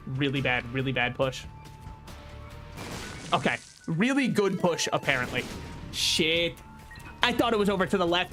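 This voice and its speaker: High and a touch bright, this male streamer's voice carries loose, sarcastic talk over his gameplay. He swears without restraint and keeps poking fun at himself.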